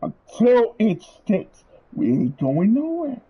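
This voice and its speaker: High-voiced guy ranting on a stream, swearing a lot, muffled lo-fi audio. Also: wildly swooping pitch, takes it slowly, husky. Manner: heated, profane, ranting. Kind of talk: angry rant.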